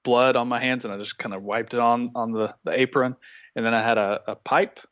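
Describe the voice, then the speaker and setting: A man co-hosting a casual podcast, telling a story in a relaxed, hesitant way that trails off. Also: medium pitch, fairly quick, clean tone. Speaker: podcast co-host. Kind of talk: casual chat. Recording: dull, lo-fi audio.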